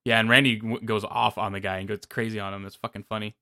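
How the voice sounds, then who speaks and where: Fast, bright-voiced excitable male co-host. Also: lowish voice, no room sound, clean studio sound. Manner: excitable, profane, lots of fillers. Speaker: podcast co-host. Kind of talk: casual chat.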